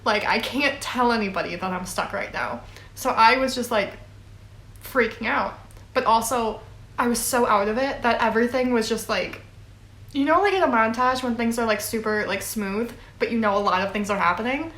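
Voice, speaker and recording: Young woman rambling thru a storytime vlog, kinda high voice, lots of um and like, echoey room. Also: moderate pace, a bit bright. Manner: rambling, lots of fillers and laughs. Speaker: vlogger.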